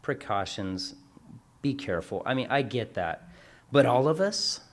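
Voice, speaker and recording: A man's voice: mid-range voice, expressive, unhurried. A man talks in a loose, rambling way, his voice sitting in a middle range for a man. He keeps correcting himself and slips into acted-out quotes as he tells a long work story in casual chat. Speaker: workplace class instructor.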